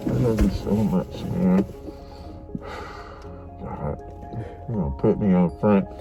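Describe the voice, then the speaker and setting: A man's voice: sits low, slow, mellow, lo-fi sound, soft background music. A middle-aged man, a father, crying as he tenderly tells his son he loves him, repeating himself often. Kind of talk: emotional family conversation.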